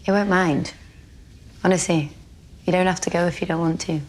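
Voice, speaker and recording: An actress gives voice to a grumpy, down-to-earth young woman gardener from a television drama. She speaks with a Manchester accent in a dry, teasing manner. Her voice is low and a little husky. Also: fairly even intonation, moderate pace, a little mellow, close to an everyday voice.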